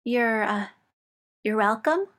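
A woman reading fiction aloud and voicing an earnest, bemused young male scientist in a soft, slightly hesitant way. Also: a little high, lively intonation, takes it slowly, heavily acted.

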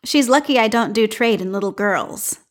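A woman's voice: fairly high pitch, moderate pace, lightly acted. A woman voicing a good-humored male market stallholder who teases a child. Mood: teasing. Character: amused middle-aged male bead seller.

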